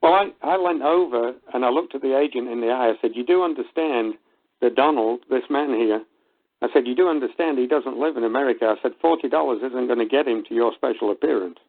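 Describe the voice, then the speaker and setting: A man's voice: mid-range voice, fast talker. Chuckling man telling a story over the phone. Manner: animated retelling with chuckles and acted-out quotes. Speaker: caller. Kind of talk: casual storytelling on a call-in show. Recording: tinny phone line.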